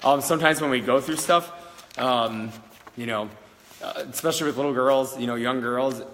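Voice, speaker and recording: A man's voice: mid-range voice, moderate pace, fairly bright tone. Chatty man in a reverberant room. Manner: rambling, many fillers, chatty storytelling. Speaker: psychic medium host. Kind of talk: casual livestream talk answering questions. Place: old schoolhouse in the country. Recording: long reverb, faint background noise.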